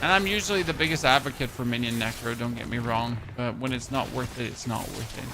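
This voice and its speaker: A man's voice: mid-range voice, a little fast, noisy background. A man in his thirties with a German accent, chatting casually and joking with his chat while streaming a game. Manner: chatty, jokey, answers chat. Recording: music playing behind.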